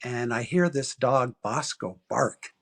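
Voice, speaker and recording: A man in his sixties from Arizona, a guest author telling a personal story in a casual interview, animated and acting out quoted voices. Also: takes it slowly. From Arizona, USA. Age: 60s. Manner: animated storyteller, acts out quoted voices with big pitch jumps.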